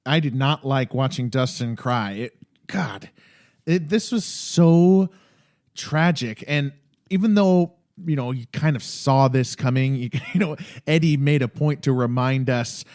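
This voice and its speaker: A man's voice: medium pitch, unhurried. A man co-hosting a TV rewatch podcast, talking emotionally and acting out quoted lines. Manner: emotional, animated, quotes scenes in a raised voice. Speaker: podcast co-host. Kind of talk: casual chat.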